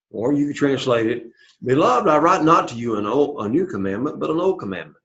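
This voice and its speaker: A man's voice: mid-range voice, big pitch swings, brisk, vocal fry, fairly bright tone, lo-fi sound. A man teaching a Greek class, patiently walking students through translations and often checking in with "okay?" and "all right?". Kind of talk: classroom lecture.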